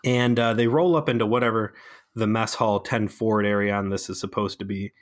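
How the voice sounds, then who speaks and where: A man's voice: fairly low pitch, fairly even intonation, brisk. A man co-hosting a podcast, rambling sarcastically with plenty of fillers in casual chat. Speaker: podcast co-host.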